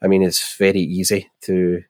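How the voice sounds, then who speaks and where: A man's voice: low voice, monotone, normal speed, no echo. A man with a Scottish accent and a nasal voice, co-hosting a football podcast in jokey, rambling casual chat. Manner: jokey, rambling, laughs often. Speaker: podcast co-host.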